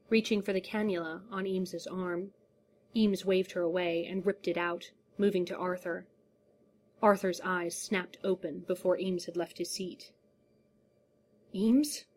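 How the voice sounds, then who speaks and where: Slow, low-voiced woman reading a story. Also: a little hiss or hum. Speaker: audiobook narrator. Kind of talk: scripted story narration.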